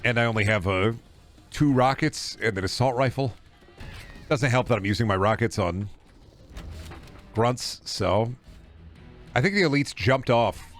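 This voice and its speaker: A young man streaming a shooter game, rambling jokily, swearing a lot and bursting out loudly when things go wrong. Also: medium pitch, a little slow, long pauses, soft background music. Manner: profane, jokey rambling with sudden loud outbursts. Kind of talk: casual gameplay commentary.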